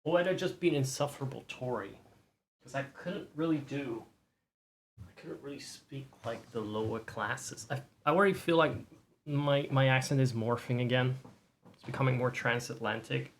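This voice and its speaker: Male streamer with a mid-range voice, soft, rambling, self-deprecating, low-key chat. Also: normal speed, a little hiss or hum. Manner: soft-spoken, rambling, self-mocking with light laughs. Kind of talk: quiet casual chat.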